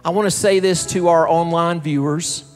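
A male pastor from the American South delivering a slow, emphatic sermon, building up repeated phrases. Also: a little high, steady tone. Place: large church sanctuary. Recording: reverberant hall with soft music behind.

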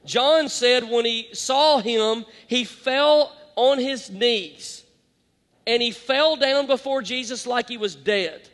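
A man preaching a sermon as pastor, dramatic and shifting between loud and hushed. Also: very high-pitched, slow pace. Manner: dramatic, varies loud and soft, quotes scripture. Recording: long hall reverb.

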